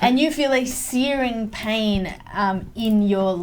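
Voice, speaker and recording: This is an Australian woman narrating a tabletop game as game master. She speaks slowly and laughs easily between her lines. There is a faint background hiss. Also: a little high. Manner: unhurried, laughing often.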